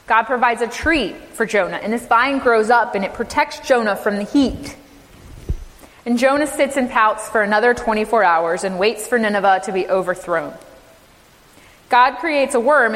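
Woman minister preaching, kinda high voice, lots of "right?" questions, long echo in a big church. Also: moderate pace, a bit bright. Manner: emphatic preaching with rhetorical questions. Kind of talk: sermon.

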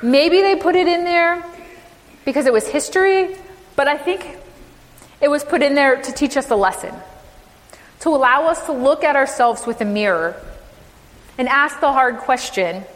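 A woman's voice: high voice, normal speed, long pauses. Woman preaching in a reverberant hall. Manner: emphatic preaching with rhetorical questions. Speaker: minister. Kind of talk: sermon.

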